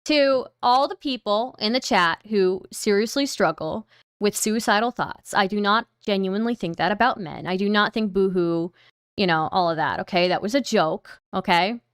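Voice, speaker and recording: A woman's voice: mid-range voice, normal speed, clear, resonant tone, no room sound, studio quality. A woman streamer chatting casually on a livestream, rambling, swearing now and then and laughing often.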